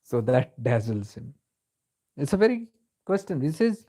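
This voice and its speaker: A man's voice: mid-range voice, big pitch swings, unhurried, long pauses, mellow. A man giving a reflective spiritual discourse, telling stories in a conversational way and slipping into Hindi phrases. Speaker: spiritual teacher.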